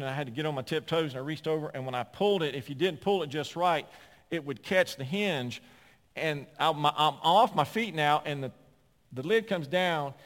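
A man in his sixties preaching a sermon, telling stories and swinging from loud, emphatic points to quiet asides. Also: mid-range voice. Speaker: pastor. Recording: long hall reverb.

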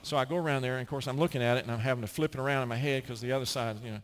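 A racing, mid-range male voice belongs to a middle-aged American preacher. He tells stories throughout his sermon and brings each quoted person to life with animated impressions.

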